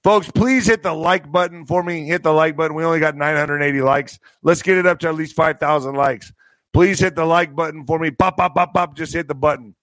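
High-pitched guy doing sarcastic news commentary, stumbles on words, dry close sound. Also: fairly quick, fairly bright tone, dry recording. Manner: sarcastic, stumbles over words while reading. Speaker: streamer reading news.

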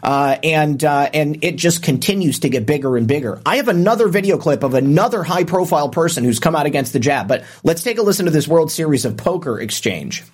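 Rich: a man with a somewhat high voice hosts a livestream in a loose, conversational way. He reads viewer comments aloud and stumbles through fillers and restarts as he thinks. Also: lively intonation, fairly quick, hardly any pauses, breathy edge. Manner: hesitant, many filler restarts. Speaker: livestream host.

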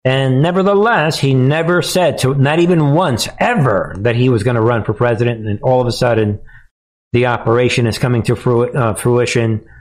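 A man's voice: mid-range voice, moderate pace, low-quality recording. A man hosting a live political commentary stream, talking in a sarcastic, mocking way and laughing often. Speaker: commentary host.

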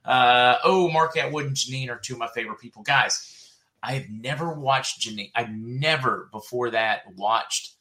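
A middle-aged man with a Southern US accent hosts a relaxed livestream and reads out viewer comments. His voice is bright and forward, at an ordinary pitch. He laughs easily and hops from one topic to the next. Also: moderate pace. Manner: chatty, laughs often, jumps between comments. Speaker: host reading viewer comments. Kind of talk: casual livestream chat.

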